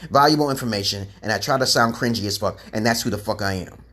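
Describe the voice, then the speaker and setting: A man's voice: lowish voice, fast, fairly bright tone. A man rambling through a preachy livestream monologue on a webcam mic, swearing freely and greeting chat viewers as he goes. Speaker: livestream host giving self-styled advice.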